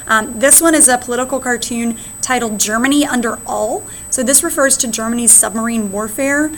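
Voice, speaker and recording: A woman's voice: fairly high pitch, a little fast, slight background noise. A woman teacher with an American accent, explaining slides in a recorded lesson and often checking in with "right?". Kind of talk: recorded classroom lecture.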